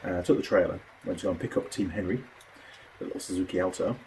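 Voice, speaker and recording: A man, a mechanic and video host, chatting and telling animated stories while building a kit. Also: deep voice, fast, creaky, slight background noise. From New Zealand. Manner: chatty, animated storyteller with a laugh. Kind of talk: casual chat while building a model kit.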